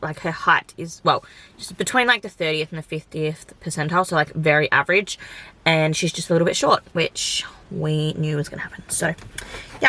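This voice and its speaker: A woman's voice: mid-range voice, sharp tone, a little hiss or hum. A young woman vlogging in a casual, rambling chat to camera, filling her talk with "like". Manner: chatty, rambling, full of "like" fillers.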